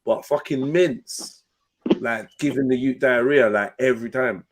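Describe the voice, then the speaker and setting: A man's voice: medium pitch, a little slow. A young man, chatting casually on a live panel and telling stories in slang with laughs and swearing. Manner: laid-back slangy storytelling, swearing, laughing. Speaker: host.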